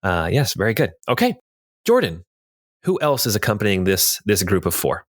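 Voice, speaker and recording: A man's voice: lowish voice, sing-song, normal speed, no room sound, clean studio sound. A man narrating a tabletop game as game master, in dramatic storytelling that turns to loose prompting of the players.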